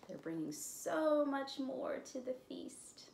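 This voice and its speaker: A woman librarian reading a picture book aloud at storytime, with slow, expressive, encouraging delivery. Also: high-pitched, vocal fry, reverberant. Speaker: children's librarian.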